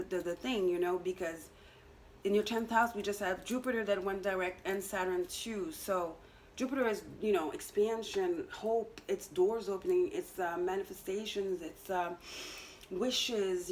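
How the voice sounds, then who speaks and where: A woman with a medium-pitched, darkish voice offers a casual astrology and tarot energy reading, chatting directly to viewers. She teases, laughs at herself, and scatters "you know" fillers throughout. The audio is poor, with slight background noise.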